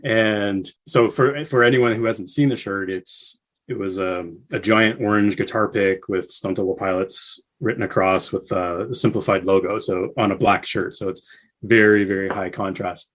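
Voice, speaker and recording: A man guest on a casual podcast, telling a story with animated bursts when he quotes people. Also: normal speed. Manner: animated storyteller, acts out quotes with rising pitch.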